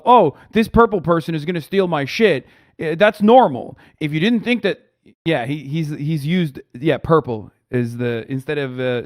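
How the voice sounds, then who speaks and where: A man's voice: on the high side, darkish tone, dry recording, clean studio sound. A man in his thirties streaming live, giving casual, profane, wisecracking reaction commentary.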